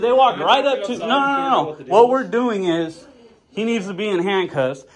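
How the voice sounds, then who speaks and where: A man filming a heated encounter on a handheld phone, loud and insistent, repeating his demands. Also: sits high, expressive, normal speed. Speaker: video channel host, auditor. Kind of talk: confrontational on-camera filming.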